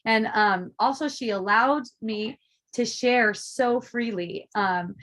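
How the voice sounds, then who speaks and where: A woman hosts a casual live talk for a spiritual dialogue group, rambling, swearing freely and often bursting into laughter. Her voice is a little high and fairly bright, and she takes her time.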